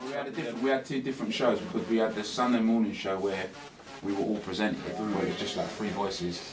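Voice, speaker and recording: A British man and radio DJ, speaking as a guest to a class about presenting, animatedly acting out examples and shifting his loudness. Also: fairly low pitch, steady tone, quick pace, a crowd in the background. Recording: roomy classroom, distant mic, music behind.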